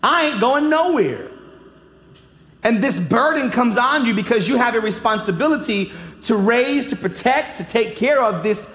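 A man's voice: very high voice, expressive, moderate pace, a bit bright. A man in his thirties preaching a sermon with emphatic delivery and joking asides. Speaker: pastor. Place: large church hall. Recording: echoey hall, long reverb.

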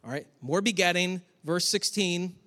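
A man from Western New York preaching a conversational sermon, with chatty, animated asides to the congregation. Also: sits high, moderate pace. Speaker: pastor. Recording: long hall reverb.

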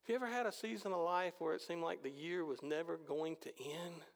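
Man, pastor, sermon, high voice, gravelly edge, animated storytelling, rhetorical questions, long hall reverb. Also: brisk.

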